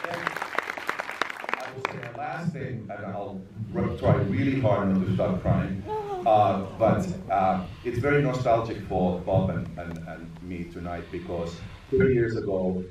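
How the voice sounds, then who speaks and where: Guy, director doing a q&a, animated and laughing a lot, lower voice, noisy distant room sound. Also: unhurried, some chatter behind. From Finland. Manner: animated storyteller, laughing often. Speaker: film director at a screening Q&A. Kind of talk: live anecdote on stage. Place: large echoey cinema hall. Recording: distant, echoey theater recording with noise.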